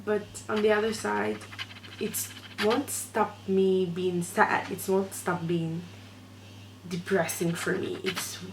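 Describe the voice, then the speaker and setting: A woman's voice: mid-range voice, flat delivery, slow, creaky. A woman who is not a native English speaker, talking in an emotional, hesitant vlog from her room at night, full of fillers and restarts. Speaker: fan vlogger. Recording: echoey room, noisy background.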